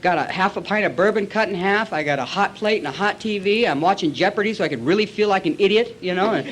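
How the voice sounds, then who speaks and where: A man's voice: high-pitched, fast, fairly bright tone, slight background noise. A man in his forties giving a recovery meeting talk, a blunt, colloquial storyteller who acts out past conversations.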